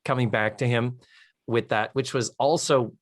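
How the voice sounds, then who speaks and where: A man co-hosting a podcast, retelling a sitcom episode with animated storytelling, acting out its lines and swearing for comic effect. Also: mid-range voice, normal speed, no echo, studio quality. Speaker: podcast co-host. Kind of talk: casual recap chat.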